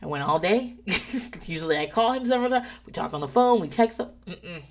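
A married woman hosting a casual talk show, gossiping in an animated, profane way and breaking into laughs as she tells stories. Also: fairly low pitch, brisk. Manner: animated, profane storytelling with laughs and acted-out quotes. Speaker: podcast host.

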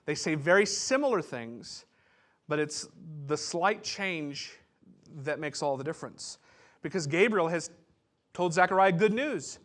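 Pastor guy preaching, chatty teaching style, kinda higher voice. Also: lively intonation, measured pace, fairly bright tone. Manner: conversational teaching, with restarts and asides. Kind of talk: sermon.

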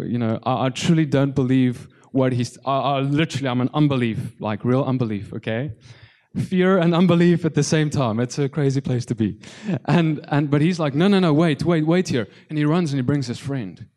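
Soft-toned man preaching a halting testimony. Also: mid-range voice. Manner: halting, repeats words, addresses congregation. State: tearful. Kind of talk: testimony sermon.

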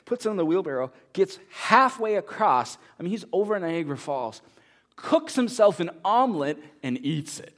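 A pastor with a slightly high voice preaches a sermon, telling a story with lively energy. He then shifts to a quiet, earnest appeal to the congregation.

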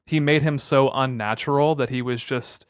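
A man in a casual film-review chat, talking in an animated, opinionated way with playful asides. His voice sits at an ordinary pitch for a man and is recorded close and dry. No room sound comes through. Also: normal speed, smooth, dry recording. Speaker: podcast co-host.

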